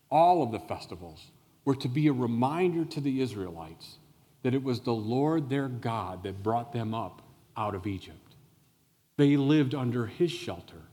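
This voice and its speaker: A male pastor preaching a sermon, telling a Bible story with animated explanation and questions to the listeners. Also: mid-range voice. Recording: long reverb of a large hall.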